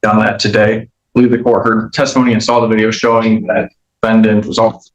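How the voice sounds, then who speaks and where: A male prosecutor addresses the court in a formal, measured way. His low voice stays flat and even, and it echoes in the courtroom. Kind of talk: courtroom legal argument.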